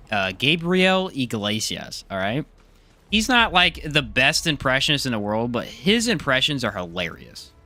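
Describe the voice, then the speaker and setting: A man's voice: medium pitch, bright, forceful tone. A man streaming a live game, chatting casually, joking and answering his chat. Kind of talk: casual live gameplay commentary.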